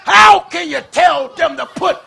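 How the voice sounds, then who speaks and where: A male pastor preaching a fiery sermon in short, punchy shouted phrases, with a congregation responding. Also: extremely high pitch, measured pace, gravelly, faint music behind, a faint crowd. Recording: church congregation audible behind.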